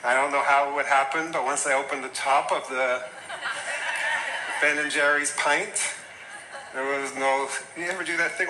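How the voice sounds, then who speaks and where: A man's voice: mid-range voice, steady tone, moderate pace, reverberant, noisy background. A man teaching a class on health coaching in a casual, chatty lecture style, full of asides. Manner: conversational, chatty with asides and mimicked quotes.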